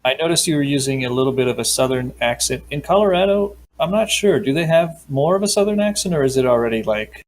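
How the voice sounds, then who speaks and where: A man's voice: medium pitch, lively intonation, quick pace, few pauses, slight background noise. A man playing a tabletop game, chatty and enthusiastic. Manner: chatty, enthusiastic, says dude. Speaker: player. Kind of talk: casual chat at a tabletop game.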